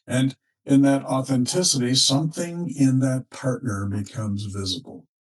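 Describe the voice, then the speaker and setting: A man working as a relationship counselor, speaking in a slow, measured, reflective monologue with thoughtful pauses. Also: medium pitch, a little mellow, distant mic, rough recording.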